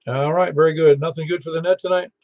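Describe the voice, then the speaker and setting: Man, ham radio net host, gravelly, muffled radio sound. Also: on the high side, fairly even intonation, fast talker, a little hiss or hum. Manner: chatty, storytelling, laughs easily. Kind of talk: casual radio net chat.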